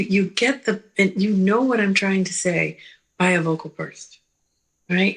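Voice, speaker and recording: A woman clinician giving a slow, gentle teaching talk, pausing often and checking in with the listener. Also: on the low side, vocal fry, husky, low-quality recording. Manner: slow, gentle, with pauses and repeated "right?".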